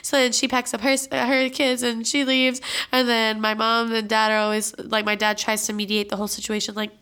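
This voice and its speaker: Bright-voiced young woman telling family stories. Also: on the high side, fairly quick, smooth. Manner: animated storytelling, mimics relatives in shouts. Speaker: storyteller. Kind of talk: casual chat.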